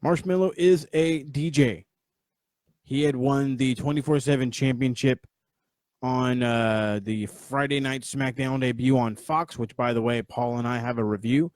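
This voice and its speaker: A man's voice: medium pitch, fairly even intonation, unhurried, darkish tone, no room sound. A man hosting a podcast, giving a casual, rambling, profane review of a wrestling event on a live stream. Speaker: podcast host.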